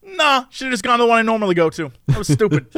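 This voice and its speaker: A fast-talking man with a high voice relates a long story in casual conversation, full of laughter and impressions of the people in it. It's a dry, studio-quality recording.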